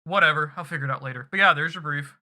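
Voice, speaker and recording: Bright-voiced rambling game streamer. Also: medium pitch, rapid-fire. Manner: rambling, chatty, loose recaps with swearing. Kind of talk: casual stream commentary.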